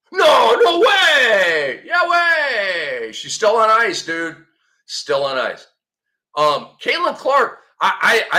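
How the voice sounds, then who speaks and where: A man in his fifties hosting a sports show, talking in a sarcastic, excitable way and breaking into mock shouts. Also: medium pitch. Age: 50s. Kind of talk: animated sports commentary.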